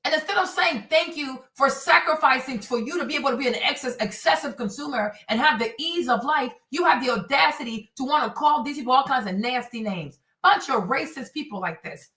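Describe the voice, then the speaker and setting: A woman's voice: high-pitched, animated, fairly quick, bright, forceful tone, far from the mic. A woman hosting her own show, delivering an emphatic, sarcastic commentary rant that keeps repeating itself, recorded somewhat off-mic in an echoey room. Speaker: show host. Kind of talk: uncensored political commentary rant.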